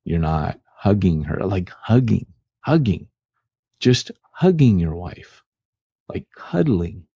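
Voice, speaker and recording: A man's voice: sits low, big pitch swings, slow pace, vocal fry, warm tone, husky, no room sound. A man co-hosting a podcast in casual, rambling chat with lots of filler words, on dull lo-fi audio. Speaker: podcast co-host.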